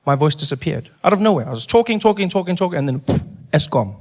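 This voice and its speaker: Animated South African stand-up comic. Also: male voice, high voice, rapid-fire, very noisy. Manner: animated, dropping into a hushed voice for bits. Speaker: stand-up comedian. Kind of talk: stand-up storytelling.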